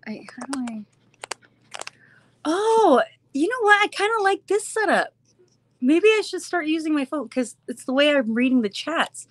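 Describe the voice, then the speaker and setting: Bubbly woman live streamer, somewhat high-pitched, effusive, drifts into a childlike voice. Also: expressive, measured pace, a little hiss or hum. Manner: bubbly, effusive, often slips into a little kid voice. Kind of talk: casual live stream chat with viewers. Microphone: phone.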